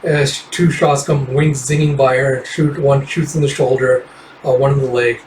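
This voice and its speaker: A man's voice: medium pitch, fairly even intonation, moderate pace, a little mellow, reverberant, far from the mic, a little hiss or hum, low-quality recording. Offhand man reading through a comic. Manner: rambling and offhand, with fillers and swearing. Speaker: comic book reader. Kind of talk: casual comic readthrough.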